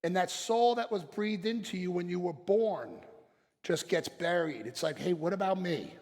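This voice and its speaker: A middle-aged man giving a blunt, passionate motivational talk to chiropractors, moving between quiet reflection and forceful emphasis. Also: sits high, moderate pace. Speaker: chiropractic speaker. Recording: long hall reverb.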